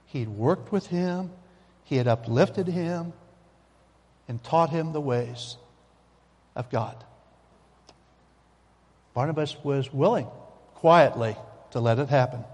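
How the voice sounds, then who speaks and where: Speaking in a fairly high, darkish voice, a man delivers a folksy, emphatic sermon in a church sanctuary and keeps repeating his key phrases. The recording carries a long hall reverb.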